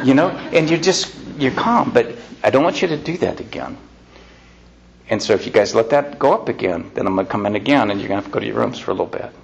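A man's voice: mid-range voice, animated, quick pace, creaky, slight background noise. A man giving informal parenting advice to an audience in a folksy way, acting out quoted lines as he goes. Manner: folksy, acts out quoted lines with shifting loudness. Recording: dull lo-fi recording.

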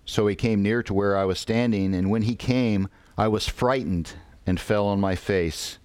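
A man preaching a sermon, reading scripture slowly and deliberately with pauses. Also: lowish voice, a little mellow, clean tone, no echo.

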